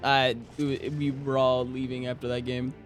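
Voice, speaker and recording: A man streaming a game, chatting casually with viewers in a joking way, dropping to mumbles and jumping up to high-pitched yelps as he laughs along. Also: completely flat delivery, moderate pace, music in the background. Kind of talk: casual livestream chat while gaming.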